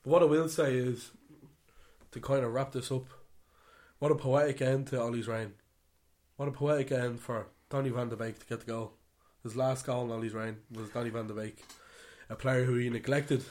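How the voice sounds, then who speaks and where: A man co-hosting a football podcast, ranting animatedly and swinging between loud outbursts and muttered asides. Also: mid-range voice, fairly even intonation, moderate pace, pauses often. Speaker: podcast co-host. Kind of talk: casual football chat.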